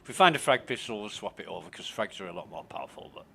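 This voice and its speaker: A man's voice: fairly low pitch, expressive, fast, creaky, bright, forceful tone, a little hiss or hum. A man commentating casually on his gameplay, thinking aloud, muttering and swearing. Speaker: game streamer.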